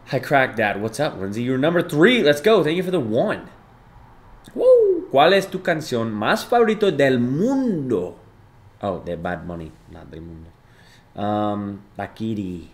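A young man hosting a live stream, reading chat aloud and thanking viewers, jumping between loud bursts of excitement and low mumbled asides. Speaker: livestreamer.

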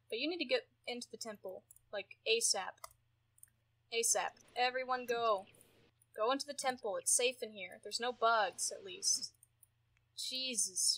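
A woman giving casual gameplay commentary, exasperated and often yelling at her characters. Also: fairly high pitch. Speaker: gameplay streamer.

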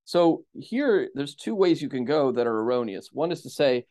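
A man as a guest on a podcast, answering questions in a measured, explanatory way, like a lecturer. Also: mid-range voice, big pitch swings, mellow. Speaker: theologian guest.

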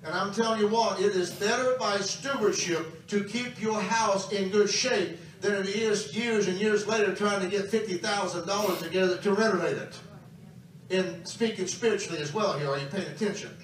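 A man's voice: high voice, normal speed, slight background noise. A man preaching a camp meeting sermon, emphatic and calling out to his congregation. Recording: very echoey hall, distant mic.

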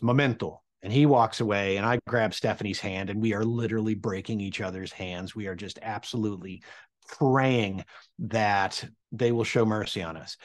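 An American man in his forties telling a personal story to an audience, animated and humorous as he builds suspense. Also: fairly low pitch. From United States.

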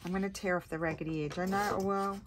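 A woman's voice: lowish voice, steady tone, fast talker, background noise. A tired woman rambling and thinking aloud as she hosts a casual crafting tutorial. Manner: chatty, rambling, thinks aloud while working.

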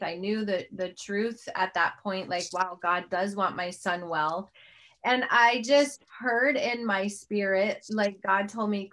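A middle-aged woman hosts a faith interview, earnest and rambling, restarting sentences and leaning on fillers. Her voice sits at an ordinary middle pitch with a fairly bright tone.

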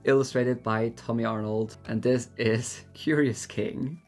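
A man hosting a book haul video, gushing and exclaiming as he unboxes his book mail. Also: medium pitch. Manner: excitable, gushing, breathless exclamations. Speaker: book YouTuber.

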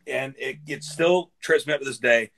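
A man's voice: mid-range voice, normal speed, vocal fry, fairly bright tone. A middle-aged man, a barbecue guest, telling loose stories in a casual live chat, swearing and laughing as he goes.

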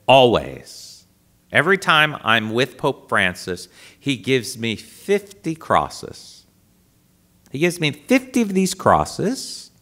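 A priest tells a story to a live audience in a dramatic way. He speaks slowly, and his pitch swoops widely. His voice drops to a hush and then rises loud. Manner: dramatic, animated storyteller who swings between hushed and loud. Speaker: priest giving a talk.

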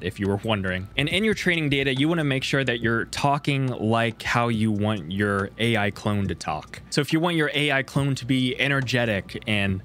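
A man hosting a casual tech tutorial, explaining each step in a relaxed, conversational way. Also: mid-range voice. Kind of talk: casual screen-recorded tutorial.

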